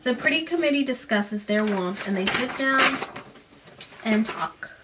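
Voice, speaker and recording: A woman's voice: fairly high pitch, expressive, measured pace, heavy background noise. Chatty sarcastic woman recapping a book. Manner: sarcastic, chatty, breaks off into asides. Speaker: book reviewer. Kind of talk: casual book recap with read-aloud passages.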